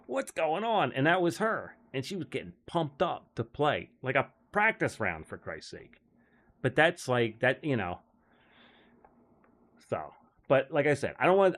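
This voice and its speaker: Male caddie host, mid-pitched, loose rambling delivery full of fillers and chuckles. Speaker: golf caddie and show host. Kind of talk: casual rambling monologue.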